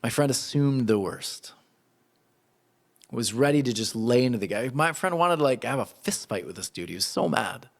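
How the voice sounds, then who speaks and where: A man preaching a sermon in an animated, conversational way. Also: mid-range voice, moderate pace, vocal fry. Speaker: pastor.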